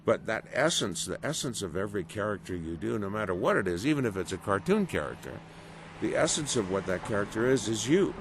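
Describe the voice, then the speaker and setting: A middle-aged man giving a casual interview as a voice actor, animated and storytelling, acting out quoted reactions. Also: fairly low pitch, a little fast. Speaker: voice actor guest. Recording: noisy background.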